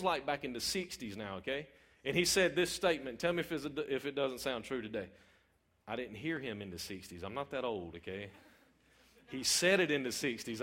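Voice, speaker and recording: A man's voice: a little high, a bit bright. A middle-aged man, preaching an informal, conversational sermon in church and checking in with his listeners. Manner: conversational, repeats words, asks the audience questions.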